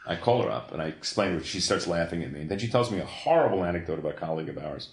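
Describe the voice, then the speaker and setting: Older guy with a real low voice spinning a salty story on a podcast, roomy echo. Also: very fast, a little hiss or hum. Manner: profane, animated storytelling with restarts. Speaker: guest, comics creator. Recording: echoey room.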